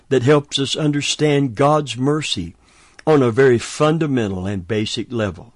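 A man's voice: medium pitch, normal speed, dry recording, clean studio sound. A man preaching a sermon, emphatic and chuckling between points.

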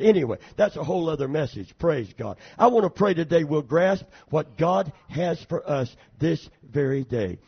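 A man preaching a sermon in a church, often calling for amens and swinging from quiet asides to fervent prayer. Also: a little high, animated, moderate pace, creaky, hardly any pauses, slightly rough. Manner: preaching with frequent calls for amen. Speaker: pastor. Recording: dull lo-fi sermon tape.

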